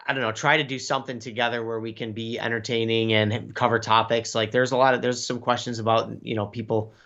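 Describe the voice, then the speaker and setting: A man's voice: medium pitch, flat delivery, quick pace, fairly bright tone, lo-fi sound. A male guest in a casual livestream chat with a laid-back, slangy way of talking.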